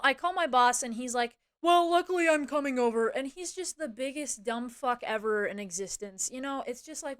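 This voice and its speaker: A young woman with a fairly high voice vents to her stream chat about a fight at work. She talks casually, swears a lot, and fills her speech with "like" and "you know". She speeds up in quick bursts when she quotes what she said. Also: no room sound, clean studio sound. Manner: swears freely, many fillers like "like" and "you know"; animated, quick bursts when quoting herself. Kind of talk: casual storytelling rant to chat.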